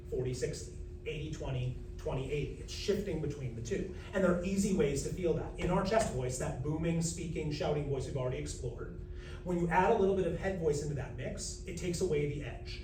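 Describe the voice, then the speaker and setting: A man teaching a live singing masterclass to a group, lively and demonstrative, breaking into loud calls. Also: a little high, a little fast, noisy background. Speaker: vocal coach. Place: rehearsal room with a group. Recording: roomy, distant mic with music.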